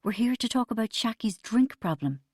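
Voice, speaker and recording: A woman voicing a calm, firm woman therapist leading a group session in an audiobook. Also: fairly high pitch, moderate pace, breathy edge, no room sound, clean studio sound, pitched above the performer's own voice.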